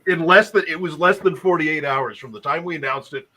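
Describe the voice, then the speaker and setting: A male guest in a casual live-stream chat, telling his story in a lively way with chuckles. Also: on the high side, fairly quick, poor audio.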